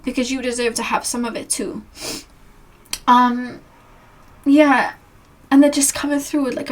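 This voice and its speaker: A woman giving a pick-a-card tarot reading, talking to the viewer in a rambling, earnest, gently reassuring way. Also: fairly high pitch. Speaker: tarot reader and channeler.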